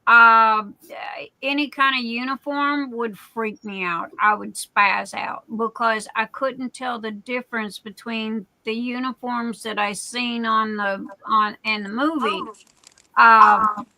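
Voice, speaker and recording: Slow, bright-voiced woman in her sixties. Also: a little high, steady tone, dry recording, rough recording. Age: 60s. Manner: rambling, checks in with "okay?". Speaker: livestream host. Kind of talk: casual livestream storytelling.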